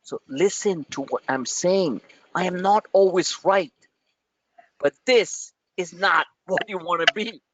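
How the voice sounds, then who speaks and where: A man's voice: sits high, a little slow, no room sound, lo-fi sound. Rambling, joking male market commentator. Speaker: trading channel host.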